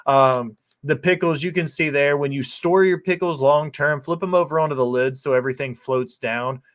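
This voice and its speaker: A man's voice: on the high side, normal speed. Man, chef, casual cooking narration, heavy swearing, rambling, filler-laden. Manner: profane, loose and rambling with lots of fillers.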